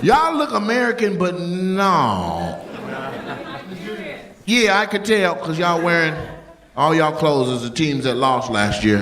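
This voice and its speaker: High, lively male comic roasting the crowd. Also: slow pace, pauses often. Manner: teasing, loud, playful with frequent laughter. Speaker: stand-up comedian doing crowd work. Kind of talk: stand-up crowd work. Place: comedy club stage with audience. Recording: live club audio with audience noise. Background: audience laughter.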